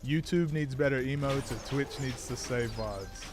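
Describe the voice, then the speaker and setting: A man's voice: mid-range voice, a little slow, background noise. An American man chatting casually on a live stream, answering chat while he plays a game. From United States.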